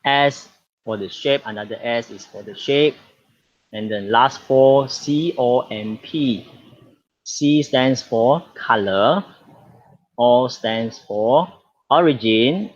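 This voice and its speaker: Malaysian man teaching English online, slow and patient, repeats key words, dull lo-fi sound. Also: medium pitch. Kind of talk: online classroom lesson. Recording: dull lo-fi audio.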